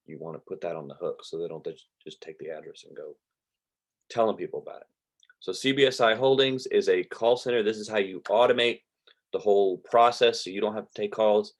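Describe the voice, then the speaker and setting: A man, teaching an online real estate class in a relaxed, rambling way over a video call. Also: on the low side, a little fast. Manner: relaxed, rambling, drawls with y'all. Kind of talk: casual online class lecture. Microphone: computer mic on a video call.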